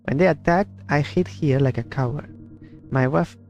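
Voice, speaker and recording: Grieving game fisherman, read by a man: halting, despairing, guilt-ridden, faint music underneath. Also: fairly high pitch, a little mellow, muffled recording, natural voice. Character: grieving middle-aged male village fisherman, guilt-ridden. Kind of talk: reading game dialogue aloud.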